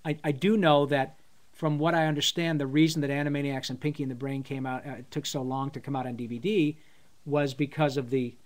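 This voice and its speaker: A man's voice: medium pitch, level tone, a little fast. A middle-aged man, a voice actor, chatting enthusiastically in a live Q&A, rambling with many fillers and restarts. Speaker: voice actor guest. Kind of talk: casual live Q&A chat.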